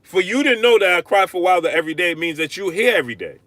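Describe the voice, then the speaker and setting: A man hosting a live-stream boxing rant, arguing hard, repeating himself and shouting out viewers. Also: high voice, fast, dry recording. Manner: animated, repetitive, argumentative, shouting out viewers. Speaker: livestream host.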